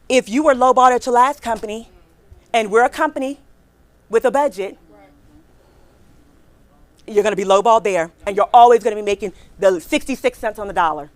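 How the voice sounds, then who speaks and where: A middle-aged woman giving a lively workshop talk on careers to a live audience in a hall, emphatic and repeating her points, often checking in with "right?" and "okay?". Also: mid-range voice. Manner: acts out quotes with a bright smile in her voice.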